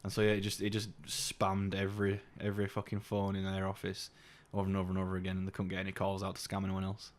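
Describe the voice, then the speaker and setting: A young man co-hosting a podcast, swearing often and telling stories in a casual, animated way with mocking put-on voices. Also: low-pitched, fast talker, hardly any pauses. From United Kingdom. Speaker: podcast co-host. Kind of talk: casual chat.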